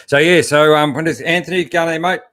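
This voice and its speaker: A man's voice: fairly high pitch, fairly even intonation, brisk, a bit bright, dry recording, clean studio sound. A middle-aged Australian man hosting a live-stream chat, laid-back and chatty, greeting viewers and answering their questions with plenty of fillers. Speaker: host.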